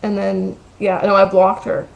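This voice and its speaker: A woman with a heavily gravelly, fry-laden voice rants to her camera from her bedroom at home. Her story is gossipy and profane, and it is packed with "like" as she talks casually. Her pitch sits right in the middle for a woman. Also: completely flat delivery, measured pace, dull audio. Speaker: vlogger.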